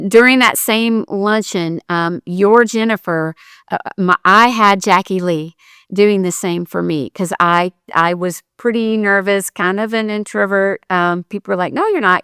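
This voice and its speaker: Woman with a very smooth, clear voice. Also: mid-range voice, fairly bright tone, dry recording, studio quality. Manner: thoughtful, hesitant with fillers. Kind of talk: conversational chat.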